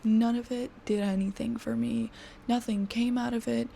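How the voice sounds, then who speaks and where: A woman in her twenties venting to her camera, frustrated and exhausted, swearing and often sinking into a breathy half-whisper. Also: a little high, flat delivery, normal speed, dark tone, slight background noise. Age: 20s. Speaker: vlogger.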